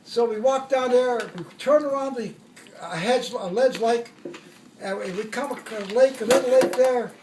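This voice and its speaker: High-voiced old man telling war stories. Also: moderate pace, roomy sound, recorded from a distance, noisy background. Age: older. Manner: rambling, self-correcting, chuckles at own jokes. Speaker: war veteran. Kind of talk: oral history storytelling.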